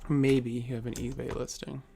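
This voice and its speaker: A man of middle pitch hosts a casual live stream, talking to his viewers as he answers their comments. He rambles and jokes, with plenty of fillers and little chuckles, while faint music and keyboard typing sit quietly behind him. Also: little pitch movement, normal speed, vocal fry, husky.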